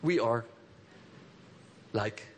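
A man preaching a sermon as pastor. He calls for responses from the congregation and swings between soft, low phrases and emphatic high bursts. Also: animated, extremely slow. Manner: engages the congregation with call and response.

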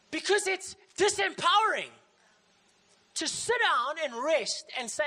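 A woman pastor preaching a sermon in a lively way, often acting out the voices of the people she quotes. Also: high voice, unhurried.

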